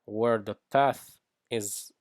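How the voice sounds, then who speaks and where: A man's voice: lowish voice, fairly even intonation, extremely slow, no echo, studio quality. A man walking through code in a screen-recorded programming tutorial, thinking aloud with frequent fillers and restarts. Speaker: iOS developer teaching.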